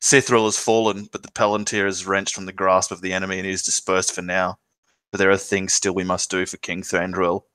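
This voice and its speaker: A man's voice: low-pitched, level tone, a little fast, a bit bright, smooth, no room sound. A man voicing a resolute male wood elf warrior in a tabletop role-play, speaking in formal, archaic phrasing. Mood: urgent.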